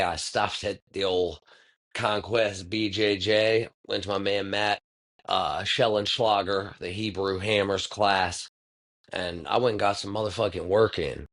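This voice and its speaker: A man's voice: low voice, fairly even intonation, moderate pace, a bit bright. A man in his thirties hosting a podcast, talking in a rambling, laid-back way, reflective and full of profanity. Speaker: podcast host. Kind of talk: casual monologue.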